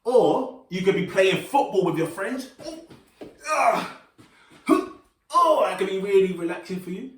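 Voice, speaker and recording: A man with a fairly high voice leads a children's movement and relaxation workshop. He is upbeat and encouraging, with playful sing-song call-outs. His voice sounds roomy and comes from some distance off the mic. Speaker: workshop leader.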